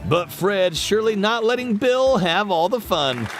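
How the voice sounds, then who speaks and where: Lively, high-voiced male narrator. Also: measured pace, a crowd in the background, background noise. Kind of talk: scripted compilation voice-over.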